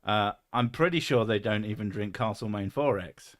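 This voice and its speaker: Sweary laughing Londoner chatting. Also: male voice, lowish voice, moderate pace. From England. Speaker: podcast host. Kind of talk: casual chat while drinking whisky.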